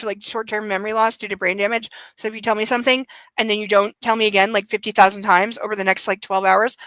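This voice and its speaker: Brief: young woman host, bright and a bit high, sarcastic reader with loud asides. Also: dry recording, poor audio. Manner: sarcastic, emphatic outbursts. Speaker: livestream host reading aloud. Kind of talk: sarcastic book reading with commentary.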